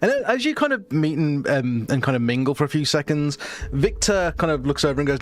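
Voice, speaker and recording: A man narrating a tabletop game as game master, relaxed and hesitant. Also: a little high, fairly quick.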